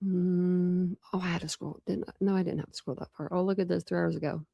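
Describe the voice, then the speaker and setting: A woman's voice: on the low side, steady tone, brisk, creaky, dark tone, dry recording, dull audio. Chatty woman host, dry close sound. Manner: rambling, thinks aloud with many restarts. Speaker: true crime livestream host. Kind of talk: casual chat with live viewers.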